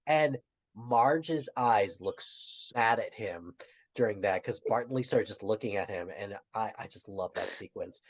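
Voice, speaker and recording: A man co-hosting a podcast in casual chat, retelling scenes and trailing off softly at the ends of his thoughts. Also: fairly low pitch, a little slow, poor audio. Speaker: podcast co-host.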